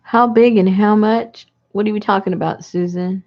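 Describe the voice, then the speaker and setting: A woman's voice: mid-range voice, steady tone, moderate pace, lo-fi sound. A woman hosting a casual live video chat, talking with viewers in a rambling, chatty way with frequent laughs.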